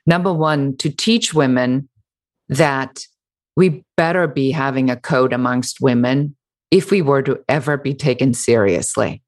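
Woman, deep register, passionate author being interviewed. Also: measured pace. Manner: animated, emphatic, mocking quoted critics. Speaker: author and entrepreneur, guest. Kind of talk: interview answer.

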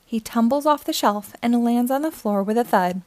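A woman's voice: a little high, normal speed, no room sound. Woman reading a children's storybook. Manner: clear, steady storytelling. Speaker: storybook reader. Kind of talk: children's read-aloud narration.

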